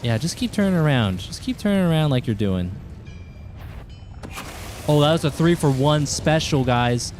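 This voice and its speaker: A man's voice: a little high, normal speed, pauses often, a little hiss or hum. Chatty male game streamer. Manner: chatty, greets chat viewers, excitable outbursts. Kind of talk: casual live-stream commentary.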